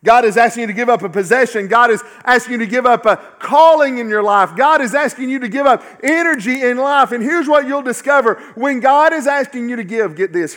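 A male pastor preaching a sermon in a church. He speaks emphatically, repeats key lines and often lets phrases fall away to a low, quiet finish.

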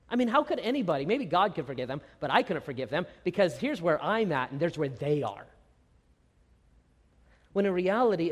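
A man's voice: sits high, in a large hall. A middle-aged man pastor delivering a sermon with self-deprecating humor and acted-out asides.

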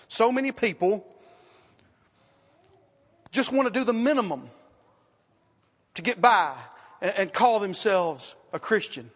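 A man preaching a sermon in a church, emphatic, repeating his phrases and asking rhetorical questions, swinging from loud to hushed. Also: high-pitched, lively intonation, unhurried, pauses often, big-room sound. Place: church sanctuary.

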